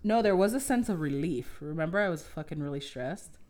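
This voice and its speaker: A woman's voice: low voice, expressive, a little fast, darkish tone. A woman hosting a podcast, chatting casually and candidly about running her business. She swears freely and laughs often. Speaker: podcast host and business owner. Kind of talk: casual chat.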